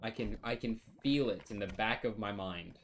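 A man's voice: on the low side, moderate pace, slight background noise. A man streaming a game, chatting casually with viewers in a playful, sweary way with mock-indignant outbursts. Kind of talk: casual gameplay commentary.

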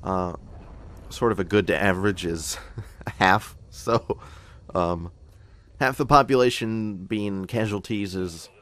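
A man's voice: fairly low pitch, takes it slowly, fairly bright tone. A young man giving casual, joking commentary over a strategy game, talking to his soldiers as he plays. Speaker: gameplay commentator. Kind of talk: casual let's-play commentary.

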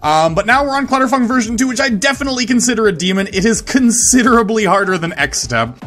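A young man talks through his gameplay into a headset, yelping, squealing and groaning whenever he fails. His pitch swings widely from low mutters to high shrieks. Faint music plays behind him. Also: lively intonation, quick pace, fairly bright tone. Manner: yelps, squeals and groans at failures. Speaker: gaming YouTuber. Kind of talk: excitable gameplay commentary.

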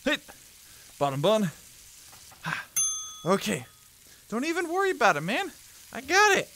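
Goofy guy narrating a vr cooking game, high lively voice, bit of music behind. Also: a little slow, slight background noise. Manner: playful, joking, talks to the screen. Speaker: gaming YouTuber. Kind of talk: let's play commentary.

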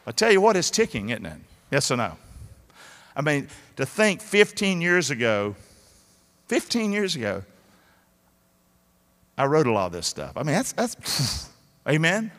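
A man delivers an animated sermon, calling on the congregation to answer him back. His voice sits high and bright and leaps up and down. Long reverb from a large church auditorium trails every phrase. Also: measured pace, long pauses. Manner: animated, exhorting preaching with call-and-response. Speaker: pastor. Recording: live church hall reverb.

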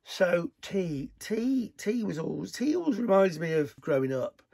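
A middle-aged man from northern England chatting casually as he answers viewer questions, lively and joking between answers. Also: high voice, unhurried, vocal fry, husky, no echo. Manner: chatty, animated, jokey asides. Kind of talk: casual Q&A chat.

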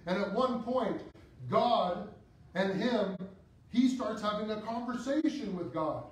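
Man, priest, sermon, high voice, slow dramatic delivery, heavy church echo, distant mic. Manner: slow, dramatic preaching with sudden rises and drops. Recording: echoey church, voice from far off.

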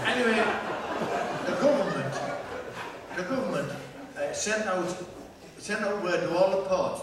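Male storyteller, lively pitch, punning and rambling; live stage take, heard from far back in an echoey room with background noise. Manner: rambling, pun-filled, restarts phrases. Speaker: folk singer telling a comic story. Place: festival stage before a live audience. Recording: echoey distant festival recording with noise.

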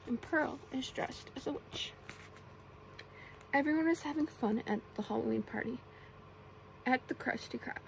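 A woman gently reading bedtime stories aloud in a soft ASMR style, sometimes whispering. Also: sits high, moderate pace, creaky, pauses often, a little hiss or hum, low-quality recording. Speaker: ASMR storyteller.

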